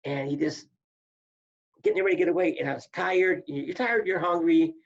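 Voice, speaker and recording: A man spins stories from his competing days in a rough, gravelly voice with a breathy edge. He talks casually and gets animated, often repeating words as he goes. The audio sounds muffled and lo-fi. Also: fairly high pitch, brisk. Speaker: guest, former wrestler and coach. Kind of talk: casual storytelling.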